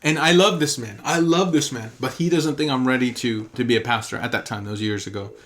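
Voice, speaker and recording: Speaking in a mid-range, fairly bright voice at a fairly quick pace, a male pastor teaches in an earnest, emphatic sermon style. He tells a story and repeats key phrases for emphasis.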